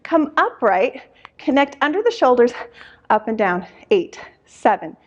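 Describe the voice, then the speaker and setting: Woman Pilates instructor, fairly high voice, out of breath, counting reps aloud, sighs between counts. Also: very animated, unhurried, muffled recording. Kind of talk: workout instruction while exercising.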